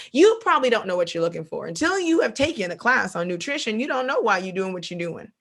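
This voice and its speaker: A woman teaching a Bible lesson in an animated sermon style, acting out quoted voices and repeating phrases for emphasis, with speech. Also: fairly high pitch.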